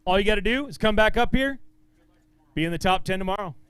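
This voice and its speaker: A man with a high, clear, smooth voice calls out anglers and their weights at a tournament weigh-in. He sounds upbeat and encouraging, trading quick banter with each angler on stage. The sound is close and dry. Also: a bit bright, no echo. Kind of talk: live weigh-in announcing.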